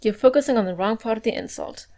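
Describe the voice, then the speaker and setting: A woman's voice: a little high, fast talker, dark tone, faint music behind. A woman in her twenties giving sarcastic, wry scripted recap commentary on a cartoon. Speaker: video reviewer.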